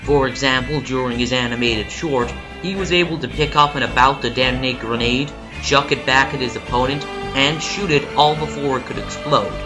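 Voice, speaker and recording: A man's voice: mid-range voice, moderate pace, few pauses, music in the background, rough recording. A man with a put-on American cowboy drawl, giving a jokey, mock-serious comedic prediction. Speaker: video commentator.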